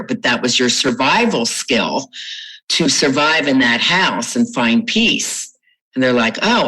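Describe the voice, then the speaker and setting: A woman's voice: extremely low pitch, a bit bright, low-quality recording. A middle-aged woman from Florida, a trauma recovery coach, answering interview questions in an explanatory way, telling client stories with light laughs.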